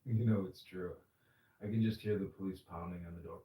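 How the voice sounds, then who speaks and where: Man, lowish voice, profane rambling storyteller, roomy distant mic. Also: steady tone, fairly quick, warm tone. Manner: profane, mocking, rambling anecdotes. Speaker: podcast host. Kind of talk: casual crude banter and storytelling.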